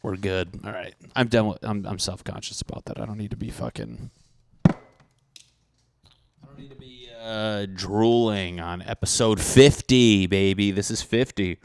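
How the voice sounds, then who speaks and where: Profane ranting young man, low voice. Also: unhurried, a little hiss or hum. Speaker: podcast host. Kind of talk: solo comedic rant.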